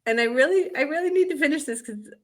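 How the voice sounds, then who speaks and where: A Southern American woman who writes romance co-hosts a podcast about it, chatting in a rambling way with lots of fillers. Her voice sits high, she's expressive, and she talks fast.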